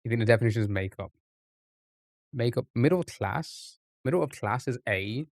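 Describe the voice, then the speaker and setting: A man on a live stream works through a puzzle out loud, stopping and restarting his sentences as he muses. His voice sits at a middle pitch. It is recorded close on a desk mic in a dry, deadened space. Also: expressive, creaky, no room sound. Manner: halting, restarts often, muses aloud. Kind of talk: live-stream thinking aloud over a word puzzle.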